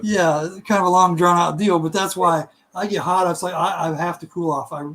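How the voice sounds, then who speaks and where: A middle-aged man tells a rambling personal story in casual chat, his voice sitting a little high. He is animated and quick to laugh, and slips into the voices of people in the tale. A faint background noise runs under the recording. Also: rough recording.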